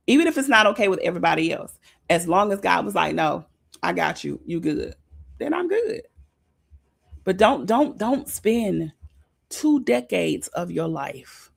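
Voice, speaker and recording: A woman gives a heartfelt, informal sermon. Her husky, gravelly voice sits at a middle pitch. She repeats phrases for emphasis and keeps a conversational, encouraging tone. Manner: repetitive, emphatic, conversational preaching. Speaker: speaker leading a devotional talk.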